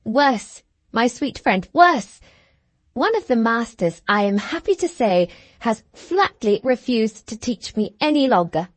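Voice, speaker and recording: A woman's voice: on the high side, very animated, unhurried, dry recording. A woman voicing a hard, bitter young schoolgirl who talks with satirical scorn in an audiobook. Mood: scornful. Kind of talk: audiobook character reading.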